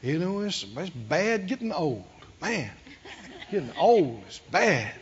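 A man imitating a self-pitying older person who mopes and complains in a low, quiet voice. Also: sing-song, slow pace, dull audio, a little hiss or hum.

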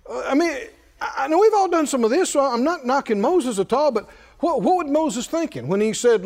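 A male preacher with a strikingly high voice, delivering a sermon full of emphatic call-and-response. He pushes his points hard and at times rises to a shout. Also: sing-song, normal speed, pauses often.

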